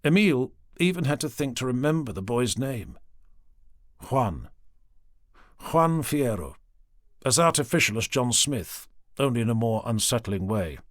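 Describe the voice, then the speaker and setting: A man narrating an audiobook in a measured, expressive storytelling manner. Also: medium pitch, no echo, clean studio sound. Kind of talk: scripted narration. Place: recording studio. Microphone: close studio mic.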